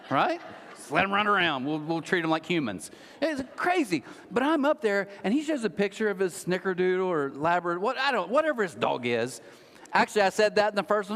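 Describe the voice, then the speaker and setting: Middle-aged male pastor, high lively voice, joking sermon, long hall reverb. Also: quick pace. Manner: humorous, animated, mocking asides. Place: large church auditorium.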